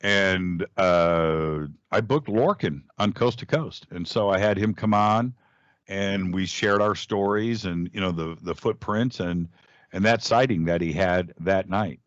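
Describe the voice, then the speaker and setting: Middle-aged male radio host as a guest, low voice, lively anecdote teller with plenty of restarts; dull, dry recording. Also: a little slow, no echo. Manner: animated storyteller, jumps up in pitch when acting out quoted speech, frequent restarts. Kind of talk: casual storytelling in a podcast interview.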